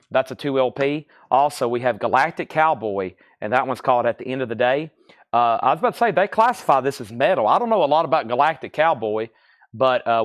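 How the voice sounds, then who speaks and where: A man's voice: mid-range voice, dry recording, studio quality. A man hosting a live-stream record sale, reading out albums and prices in a chatty, rambling sales patter. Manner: chatty, reads prices, rambles between items.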